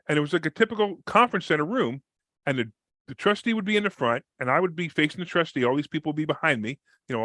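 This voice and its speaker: A man, a real estate investor guest on a podcast interview, telling a story with lively energy and acting out the people in it. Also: no room sound. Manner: fast, energetic, acts out quoted people with big pitch jumps.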